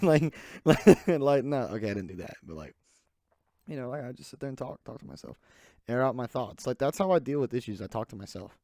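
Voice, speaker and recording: Medium-pitched with a darkish tone, this young podcast host chats casually on his own in a studio-quality, echo-free recording. His talk is loose and rambling, full of "like" fillers.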